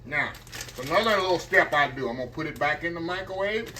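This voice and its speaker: A middle-aged man fixing food in his kitchen, talking straight to his viewers in a loose, folksy way. His slightly high voice jumps around in pitch with a lot of life, and a faint clink of dishes and pans sits behind him. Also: animated, quick pace, bright, forceful tone, a little hiss or hum. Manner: folksy, chatty, talks straight to viewers as y'all. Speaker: cooking vlogger. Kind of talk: casual cooking vlog. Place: home kitchen.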